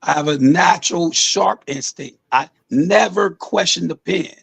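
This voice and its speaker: A man's voice: on the high side, unhurried, gravelly, fairly bright tone, slightly rough. A man, a music artist, talking loosely and at length about his songwriting in a casual interview, swearing often.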